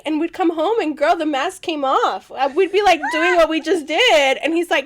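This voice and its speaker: A woman hosting a podcast in casual chat, animated and encouraging, with playful slang. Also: extremely high pitch, fairly quick, hardly any pauses. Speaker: podcast host.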